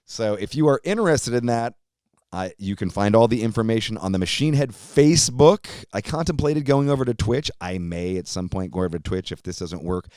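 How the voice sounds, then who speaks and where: Lowish smooth guy hosting a podcast, cussing and rambling, dry close sound. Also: expressive, a little fast, a little mellow, dry recording. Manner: loose, profane, rambling enthusiasm. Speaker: podcast host. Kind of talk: casual podcast chat.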